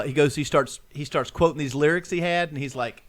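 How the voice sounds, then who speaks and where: A man hosting a casual podcast round table, an animated storyteller who acts out the quotes in his stories. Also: fairly high pitch, a little fast. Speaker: podcast host.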